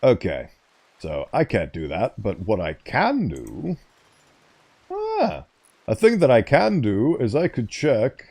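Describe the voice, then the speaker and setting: Mellow-voiced man rambling over gameplay. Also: mid-range voice. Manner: rambling, easily sidetracked, reads on-screen text aloud. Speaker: gaming streamer. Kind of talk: casual gameplay commentary.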